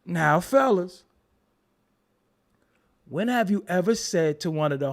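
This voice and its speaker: A middle-aged livestreamer from Brooklyn, New York, answers chat in a heated rant, his voice high-pitched with lively intonation. He talks slowly with long pauses, staying confrontational, profane and mocking, and laughs between jabs.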